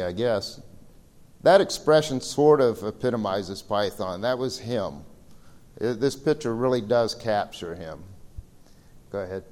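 A man's voice: mid-range voice, a little mellow. A man giving a slideshow seminar talk, telling stories in a casual, rambling way with fillers. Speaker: seminar presenter. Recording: reverberant hall recording.

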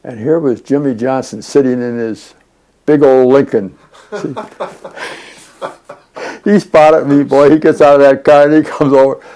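A man's voice: medium pitch, fairly even intonation, measured pace, pauses often, warm tone. An older man being interviewed, recounting his past in a rambling, chatty way with many fillers. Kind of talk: oral history storytelling.

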